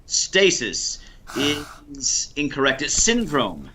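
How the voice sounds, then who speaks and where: A man with an American Ohio accent running a quiz, dry, deliberate and teasing. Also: on the high side, huge pitch swings, sharp tone, a little hiss or hum. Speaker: quizmaster.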